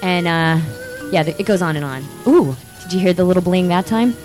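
A woman in her thirties hosting a casual chat show, rambling and excitable with lots of fillers. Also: on the low side, brisk, soft background music. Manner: excitable, animated outbursts. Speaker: podcast host.

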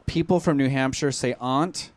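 A man's voice: mid-range voice, animated, moderate pace, dry recording. A man co-hosting an internet radio show, chatting casually with a wry, easygoing manner. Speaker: radio co-host. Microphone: studio mic.

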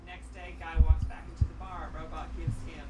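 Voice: medium pitch, moderate pace, very noisy. A speaker casually and eagerly telling a robot-bartender bar joke in a chat. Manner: lively, restarts eagerly.

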